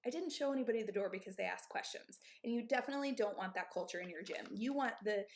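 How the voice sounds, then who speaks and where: A woman's voice: medium pitch, fast. Woman in her 30s, gym owner, talking straight to the camera, emphatic, keeps tossing in "okay?" and "right?". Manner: candid, emphatic, asks "okay?" and "right?" often. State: out of breath. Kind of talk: live-stream advice talk.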